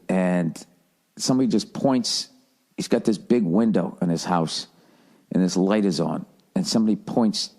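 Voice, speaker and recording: A man's voice: low-pitched, dark tone. A man telling a rambling, profane, self-mocking comic rant in a podcast style. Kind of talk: comedic rant.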